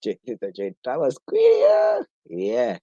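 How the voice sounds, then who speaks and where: A man's voice: on the high side, wildly swooping pitch, normal speed, mellow, husky, no echo, muffled recording. A man hosting a casual live stream chat, teasing his guest and laughing often.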